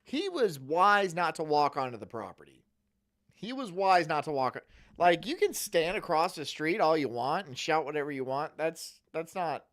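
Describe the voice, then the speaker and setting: A man's voice: on the high side, sing-song, moderate pace, fairly bright tone. A man streaming, chatting casually in profane, rambling rants. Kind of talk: casual chat.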